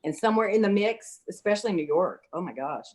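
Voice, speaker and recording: A woman's voice: medium pitch, animated, quick pace. Chatty woman giving psychic readings. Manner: chatty and motherly, calls the viewer honey. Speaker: psychic reader. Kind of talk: casual livestream reading chat.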